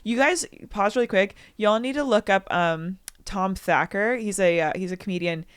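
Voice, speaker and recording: A woman's voice: mid-range voice, moderate pace, smooth, no room sound. A young adult woman co-hosting a podcast, reading a listener's story aloud in casual chat and breaking off to joke and comment. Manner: chatty, breaks off to joke and comment, acts out quotes loudly.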